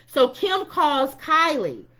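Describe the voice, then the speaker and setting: A woman co-hosting a casual podcast, retelling a reality show in an animated way and acting out quotes. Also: sits high, takes it slowly. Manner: animated storyteller who acts out quotes, with frequent restarts. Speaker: podcast co-host.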